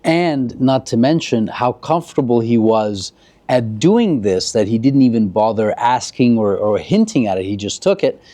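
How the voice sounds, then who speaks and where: A man hosts a casual interview with a relaxed, mellow voice. He asks careful follow-up questions that dig into his guest's story, and his pitch sits in the middle range. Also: moderate pace. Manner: thoughtful, probing follow-up questions. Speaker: host.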